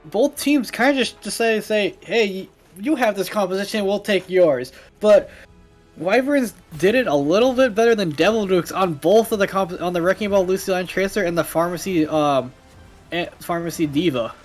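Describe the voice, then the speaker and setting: Man giving relaxed esports analysis. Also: high-pitched, normal speed, soft background music. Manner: relaxed, chatty breakdowns of the plays. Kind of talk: live esports color commentary.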